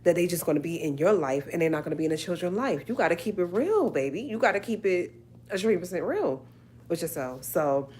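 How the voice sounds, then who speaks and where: Low-voiced woman preaching at her viewers. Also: big pitch swings, a little fast, a little mellow, slight background noise. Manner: emphatic, preachy, repeats herself. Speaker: livestream host. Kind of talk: casual live-stream talk to viewers.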